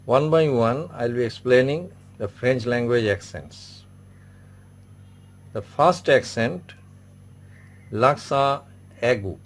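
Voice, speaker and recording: A man's voice: mid-range voice, slow, long pauses. A man teaching an online French class, patiently repeating each word and example several times. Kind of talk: online language lesson.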